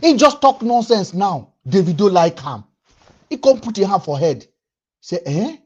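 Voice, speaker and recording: Young Nigerian man, Pidgin accent, lively high-pitched livestream ranter, muffled stream sound. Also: moderate pace, breathy edge. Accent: Nigerian Pidgin English. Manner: emphatic, repeats lines for effect. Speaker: livestream host. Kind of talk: animated livestream rant.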